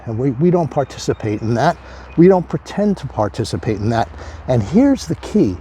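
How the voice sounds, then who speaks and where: A man's voice: medium pitch, sing-song, moderate pace, dark tone, slight background noise. A man giving a motivational talk on addiction recovery, conversational and emphatic, repeating key phrases.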